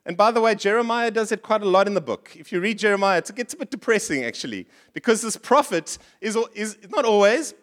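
Male pastor, high voice, lively preaching style, puts on complaining voices. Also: fast talker, hardly any pauses. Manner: animated, acts out complaining voices in higher pitch. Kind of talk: sermon. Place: church.

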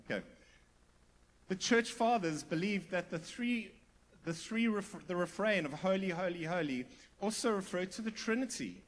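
High-voiced man preaching a sermon. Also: lively intonation, moderate pace, a little hiss or hum. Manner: emphatic, rising to near-shouted repetition; asks the congregation questions. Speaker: pastor.

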